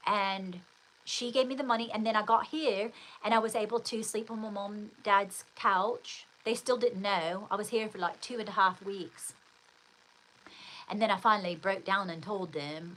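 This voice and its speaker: A woman's voice: medium pitch, fairly even intonation, normal speed, a bit bright, poor audio. A middle-aged woman hosting her own show, telling a personal story in a rambling, emphatic way with many restarts. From United States. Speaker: host.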